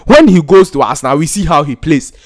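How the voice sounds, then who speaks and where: A man's voice: a little high, expressive, fast. A man with a Ghanaian accent giving an exasperated, repetitive football rant, laughing in disbelief at times. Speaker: football pundit. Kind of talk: ranting football commentary.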